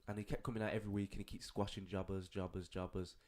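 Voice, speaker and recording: A podcast co-host with a low, fairly flat voice talks quickly and a bit mellowly. He keeps the chat casual, swearing freely and laughing often.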